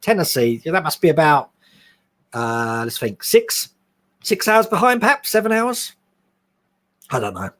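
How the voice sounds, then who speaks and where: A man's voice: fairly high pitch, very animated, a little slow, long pauses, a bit bright. A man hosting a scale modelling live stream, chatting casually, reading viewer questions aloud and laughing often. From England. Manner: chatty, laughs often, reads out chat questions then answers.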